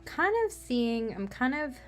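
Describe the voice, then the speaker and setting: A woman's voice: on the high side, sing-song, measured pace, faint music behind. A woman craft vlogger chatting casually while she works, rambling with self-mocking humor.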